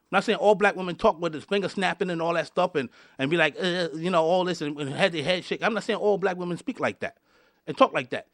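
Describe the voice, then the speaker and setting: A man's voice: high voice, fast, a bit bright, dry recording, studio quality. A man hosting a podcast, delivering a fired-up rant and often repeating and restarting his words. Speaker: podcast host.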